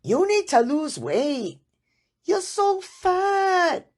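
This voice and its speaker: A woman's voice: extremely high pitch, sing-song, extremely slow, a little mellow, voice pushed up, heavily acted. A woman voicing an exasperated older woman doctor with a Hong Kong accent, blunt and scolding.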